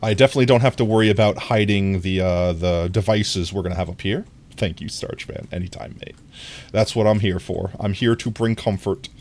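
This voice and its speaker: A live streamer in casual gameplay chat, playful and giggly, often jumping into a squeaky high voice, talking into a desk microphone. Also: a little fast, darkish tone, slight background noise.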